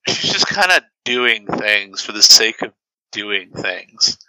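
A man chats about a film on a podcast, dropping dry quips and side comments. His voice is middling in pitch but very bright and edgy, recorded close with no room sound. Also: sing-song, slow, smooth, no echo, rough recording. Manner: wry asides and quips. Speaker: podcast co-host. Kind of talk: casual movie discussion.

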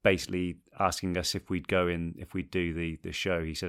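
Deep-voiced chatty English man. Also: a little fast, few pauses, a bit bright. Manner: chatty, rambling, laughs often. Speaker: actor guest. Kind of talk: casual interview chat.

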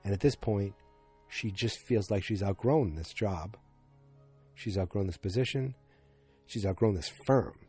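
A man's voice: on the low side, measured pace, pauses often, dark tone, breathy edge, soft background music. A man casually recapping a TV episode as a podcast host, rambling with many fillers and restarts.

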